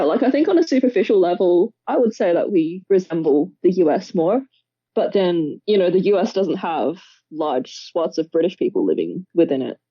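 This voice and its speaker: A woman's voice: medium pitch, slightly rough, dry recording. An Australian woman in casual discussion, thoughtful and peppered with "like" fillers. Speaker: co-host. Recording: dull, lo-fi dry recording.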